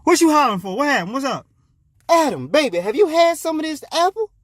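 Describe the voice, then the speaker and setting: A man's voice: very high-pitched, sing-song, fast talker, a bit bright, pitched above the performer's own voice, exaggerated voice. A man voicing Adam, a nervous, easygoing young man, protesting in a raised, whiny voice in a comedic retelling. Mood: wary. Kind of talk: comedic storytelling.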